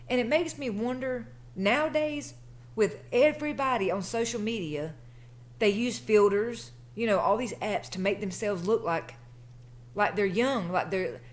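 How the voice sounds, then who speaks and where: A woman in her thirties telling a personal story in a chatty, colloquial way. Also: medium pitch. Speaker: vlogger. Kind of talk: casual storytelling.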